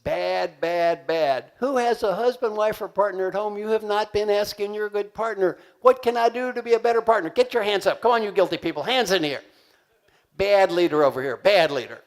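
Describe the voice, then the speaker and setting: A man giving a live leadership seminar in a large conference hall, energetic and joking as he leads the audience in call-and-response. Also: high-pitched, normal speed. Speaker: leadership coach and keynote speaker. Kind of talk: live motivational seminar talk.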